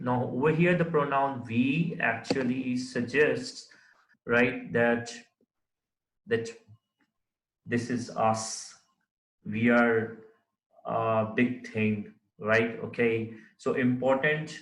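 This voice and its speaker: A man gives a lecture at a slow, unhurried pace. He explains carefully and keeps checking "right?" as he goes. His voice sits in a medium register, and the room has a noticeable echo. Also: medium pitch, fairly even intonation. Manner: explains with many fillers and repeated checks of "right?"; writes on the board while talking. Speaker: teacher. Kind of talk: recorded classroom lecture.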